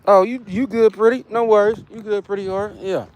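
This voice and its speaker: A man's voice: high voice, fairly even intonation, a little fast, darkish tone. A man from California, hosting a casual fitness livestream and chatting loosely with his viewers. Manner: laid-back, chatty, greets viewers by name.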